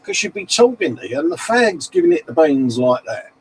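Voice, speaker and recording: A man's voice: fairly high pitch, big pitch swings, fairly quick, breathy edge, poor audio. A middle-aged man, hosting a casual live stream and reading out viewer comments in matey banter. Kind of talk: casual chat.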